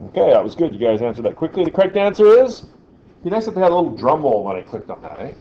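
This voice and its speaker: A man's voice: fairly high pitch, sing-song, fast, dull audio, a little hiss or hum. A man teaching a physics lesson in a classroom, quizzing the class as he goes. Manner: chatty, asks the class questions. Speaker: science teacher.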